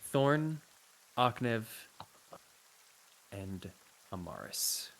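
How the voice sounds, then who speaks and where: A man's voice: medium pitch, very animated, extremely slow, creaky, fairly bright tone, rough recording. A man running a tabletop game as game master, describing the scene in a rambling, hesitant way.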